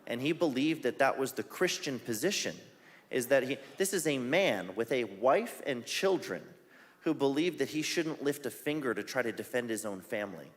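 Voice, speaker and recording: A man in a relaxed forum conversation in a church hall. He speaks wryly and laughs at his own jokes. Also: mid-range voice, moderate pace. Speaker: satire site founder as guest. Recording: reverberant hall with faint ambience.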